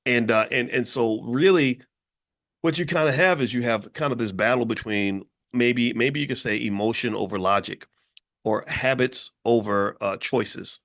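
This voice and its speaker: Man from Kentucky, middle-aged, blunt motivational commentary, emphatic, repeats himself, mid-range pitch. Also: normal speed, a bit bright. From Louisville, Kentucky, USA. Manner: blunt, emphatic, repeats words as he builds a point. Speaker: host.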